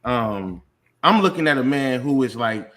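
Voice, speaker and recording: A man's voice: medium pitch, expressive, measured pace, noisy background. A man co-hosting a talk show, arguing heatedly in casual chat, swearing often and building long emphatic points. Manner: profane, emphatic, argues in long build-ups. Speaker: podcast co-host.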